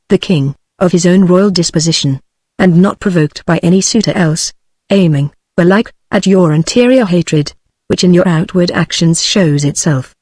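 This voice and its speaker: A text-to-speech woman's voice with a British English accent reads the lines of a proud, wary queen in a flat, even manner. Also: lowish voice, no echo, studio quality, close to an everyday voice. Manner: flat, even synthetic reading.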